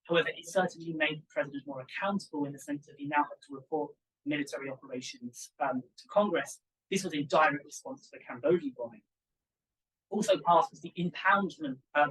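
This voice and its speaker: A young man, a PhD student, giving an academic conference talk in an animated, emphatic way with asides to the audience. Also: fairly high pitch, brisk, recorded from a distance, low-quality recording. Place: conference room.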